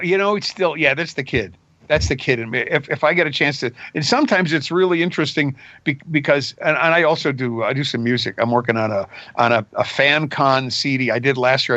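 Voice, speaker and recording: An older voice actor chats through his stories, bouncing between his own voice and quick character bits. The sound is a little dull and dry, as from a remote recording. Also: mid-range voice, no echo. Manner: animated, jumps into character voices mid-story. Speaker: voice actor guest. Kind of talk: casual interview storytelling.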